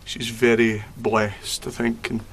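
A man's voice: mid-range voice, completely flat delivery, takes it slowly, fairly bright tone, slight background noise. A man, a reality show housemate, chatting casually and gushing in a flustered, giggly way. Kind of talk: casual chat.

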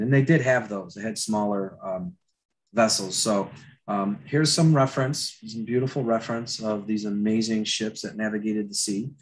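A man teaching storyboard drawing in a live demo, with a dry throat he keeps clearing. He talks loosely and chattily, with many fillers and restarts. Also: fairly low pitch, slight background noise.

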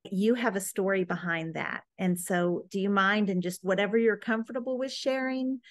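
A woman hosting an interview, asking her guest gentle, encouraging questions. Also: mid-range voice, moderate pace, no room sound, clean studio sound. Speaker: podcast host.

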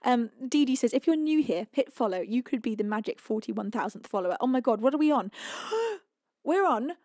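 A woman's voice: a little high, sing-song, a little fast, darkish tone, no echo, clean studio sound. A woman hosting a live music stream, chatting casually and effusively thanking her viewers. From United Kingdom. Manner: effusive, affectionate.

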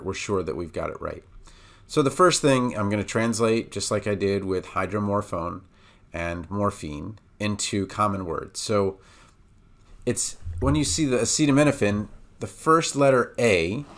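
Guy w/ a lowish voice walking thru a pharmacy lesson, slow syllable drills, lots of "okay?". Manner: patient, breaks words into syllables slowly; frequent "okay?" and "uh" fillers. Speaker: pharmacist teaching drug pronunciation. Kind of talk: tutorial explanation.

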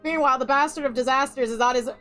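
A woman's voice: high-pitched, racing, a bit bright, faint music behind. A young woman giving casual, sarcastic gameplay commentary, swearing freely and laughing often. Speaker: let's play streamer.

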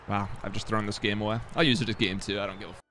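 A man's voice: on the low side, fairly even intonation, rapid-fire, music in the background. A young man muttering casual commentary to himself while streaming a football video game, self-deprecating and swearing.

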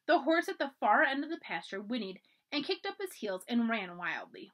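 Library lady reading a kids book out loud, super expressive, pitch all over the place. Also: normal speed. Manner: expressive, animated narration. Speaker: library storyteller. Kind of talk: storybook read-aloud.

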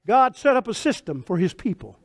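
A man in his sixties preaching a sermon as pastor, folksy and fervent, swinging from hushed talk to shouts. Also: high-pitched, sing-song, brisk, no echo, studio quality. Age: 60s.

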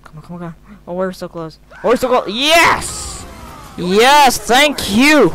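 High-voiced man swearing through gameplay. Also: lively intonation, moderate pace, poor audio. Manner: frustrated, swearing, bursts into shouts. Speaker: gaming video creator. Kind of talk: live gameplay commentary. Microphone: desk microphone.

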